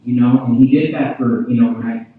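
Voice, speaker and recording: A man's voice: mid-range voice, steady tone, fairly quick. A man preaching his testimony at a revival service. He keeps addressing the crowd and asking "you know what I mean?". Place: large church hall. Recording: tinny, very echoey hall from far off.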